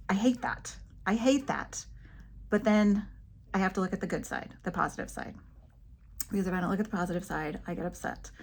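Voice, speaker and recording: A middle-aged woman vlogging casually about living with cervical dystonia, telling stories and acting out the voices of the people in them. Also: lowish voice. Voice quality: head tremor from dystonia. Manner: chatty storytelling, acts out quoted voices. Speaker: vlogger with a movement disorder. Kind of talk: casual personal vlog.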